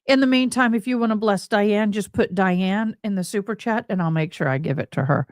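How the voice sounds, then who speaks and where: A woman's voice: medium pitch, a little fast, no room sound, clean studio sound. A woman with a Texan accent, hosting a casual livestream in a chatty, bubbly way and often saying y'all. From Tennessee, USA. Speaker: livestream host.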